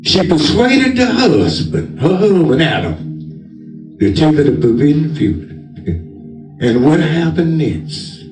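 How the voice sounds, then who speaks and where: Emphatic preacher man, lively pitch. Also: takes it slowly. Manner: emphatic, loud, commanding, says he talks with force. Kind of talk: sermon. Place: church. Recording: echoey church with organ music behind.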